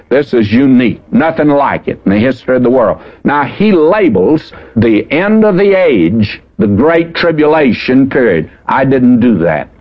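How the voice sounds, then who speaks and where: An older man preaching a folksy, emphatic radio Bible teaching, slowing down to stress the scripture he quotes. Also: mid-range voice. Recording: dull old radio broadcast.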